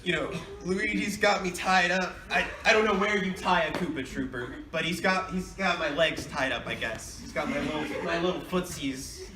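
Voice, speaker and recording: In a large convention hall, a voice actor answers fan questions on a panel, rambling and chatty with frequent laughs. His voice is a little high and moderately paced with hardly any pauses, heard over music. The recording is noisy and echoey, captured by a distant mic.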